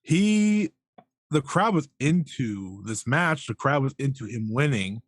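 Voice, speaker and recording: A man co-hosting a casual wrestling podcast, giving measured, opinionated analysis. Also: medium pitch, lively intonation, dry recording. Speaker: podcast co-host.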